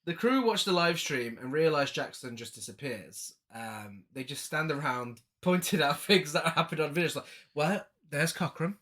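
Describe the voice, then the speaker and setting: A man's voice: fairly high pitch, animated, normal speed, few pauses, bright, forceful tone. A man co-hosting a podcast, recapping a film's plot with frequent laughs and dry asides. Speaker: podcast co-host. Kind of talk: casual film review chat.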